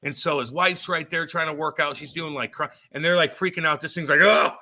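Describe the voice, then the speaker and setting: A man's voice: on the high side, fairly even intonation, fairly quick, pushed and bright. A man co-hosting a podcast, telling stories in a blunt, profane, casual way. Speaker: podcast co-host. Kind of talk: casual chat.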